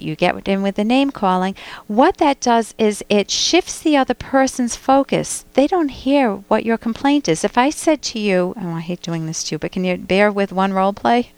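A woman's voice: on the high side, moderate pace, smooth, dry recording. A woman hosting a radio call-in show as a clinical psychologist, giving direct, emphatic advice with pointed rhetorical questions, on a close studio mic.

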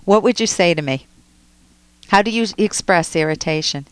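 A woman's voice: lowish voice, expressive, normal speed, clear, resonant tone, no echo. A woman hosting a call-in advice show, coaching a caller directly and acting out examples. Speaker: radio advice show host.

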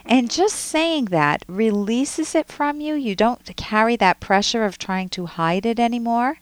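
A woman's voice: a little high, expressive, a little slow, no room sound. A woman hosting a call-in advice show as a psychologist, coaching a caller with probing questions. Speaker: radio psychologist host.

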